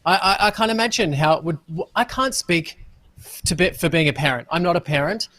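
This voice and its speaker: A man on a news panel giving his view in a measured, slightly hesitant way. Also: on the high side, fairly bright tone. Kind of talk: opinion commentary.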